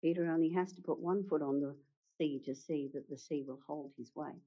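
A woman preaching a sermon, retelling a story with dramatic pauses and acted-out quotes. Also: deep voice. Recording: dull lo-fi sound.

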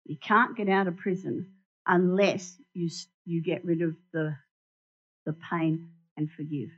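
A woman giving an animated sermon in a church, asking the congregation questions and showing them props. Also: fairly low pitch, measured pace, breathy edge. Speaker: church speaker. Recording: dull lo-fi recording.

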